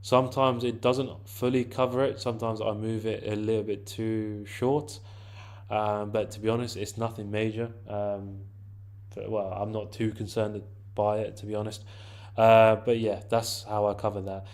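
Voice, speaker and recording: A man's voice: lowish voice, flat delivery, moderate pace, a little mellow. A man casually talking through a trading chart, chatty and informal, with frequent restarts. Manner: informal, chatty, often restarts and says "to be fair". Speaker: trader explaining a trade. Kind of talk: casual screen-share trading walkthrough.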